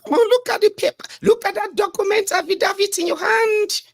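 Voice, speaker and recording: A squeaky lying politician. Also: male voice, brisk, vocal fry, no echo. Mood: indignant. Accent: Nigerian. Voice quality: high squeaky mocking falsetto. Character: evasive lying male politician, squeaky and defensive.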